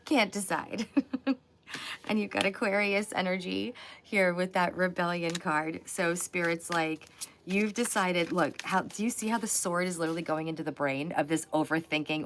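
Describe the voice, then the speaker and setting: Low-voiced excitable woman, noisy recording. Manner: excitable, chatty, laughs often. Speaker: tarot reader. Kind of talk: live tarot reading.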